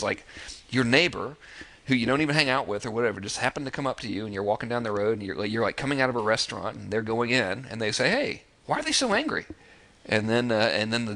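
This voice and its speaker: Bright-voiced man teaching marketing. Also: medium pitch. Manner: conversational, many fillers and restarts, acts out quoted lines. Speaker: marketing course instructor. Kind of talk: casual spoken lesson walking through sales letters.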